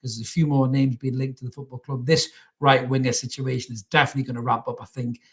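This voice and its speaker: Bloke in his twenties, solo football podcast host, mid-pitched, blunt and sweary with laddish banter. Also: level tone, fast, a bit bright. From North East England. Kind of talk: casual live-stream football chat.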